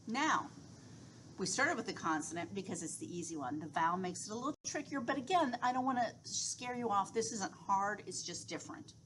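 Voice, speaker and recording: A woman's voice: mid-range voice, a bit bright, slight background noise, poor audio. A woman instructor giving a recorded lecture, explaining step by step with reassuring asides and frequent fillers.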